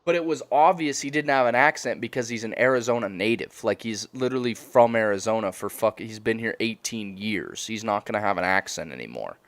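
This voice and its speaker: A young man telling a story on a stream in a casual, animated, profane way, laughing often. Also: on the low side, brisk, hardly any pauses.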